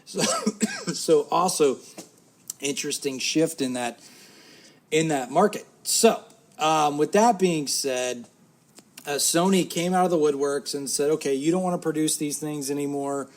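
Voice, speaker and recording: Co-hosting a podcast of casual chat, a man jokes around in a rambling way, often correcting himself. His voice is a little high and sing-song, and he takes his time.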